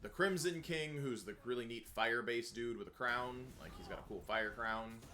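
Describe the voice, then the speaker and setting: Bright-voiced man chatting over a game. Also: medium pitch, moderate pace, a little hiss or hum. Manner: wry, explains game lore at length. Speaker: streamer playing a game. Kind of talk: casual gaming chat.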